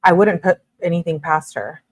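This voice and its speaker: Low-voiced woman reading texts aloud. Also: normal speed. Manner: reads messages flatly, reacts with shocked asides. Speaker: true crime commentator.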